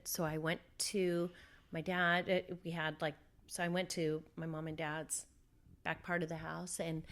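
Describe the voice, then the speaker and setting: Animated woman telling a personal story. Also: on the low side. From Southern California. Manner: animated storyteller, acts out her own quotes. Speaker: interview guest.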